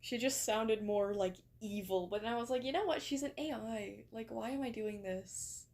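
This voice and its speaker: A woman's voice: fairly high pitch, normal speed, a little mellow. A young woman from England chatting casually on a live stream, rambling, reading her chat aloud, and swearing and laughing easily.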